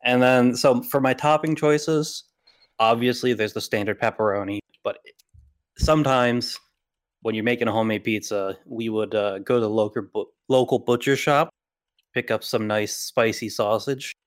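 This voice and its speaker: A man's voice: medium pitch, normal speed, dry recording, studio quality. A young man with a slight Long Island accent, co-hosting a casual podcast debate, blunt and opinionated and swearing freely. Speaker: podcast co-host.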